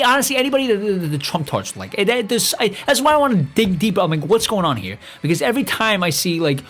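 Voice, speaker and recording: A man's voice: sits high, a bit bright. A young man hosting a podcast, ranting in a rambling, profane way with lots of stammering restarts. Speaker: podcast host. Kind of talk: casual rant.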